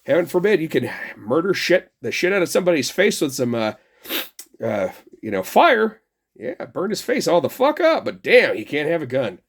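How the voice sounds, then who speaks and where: A man's voice: a little high, very animated, moderate pace. A middle-aged man hosting a toy review, talking in a rambling, sarcastic and heavily profane way. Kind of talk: casual ranting review.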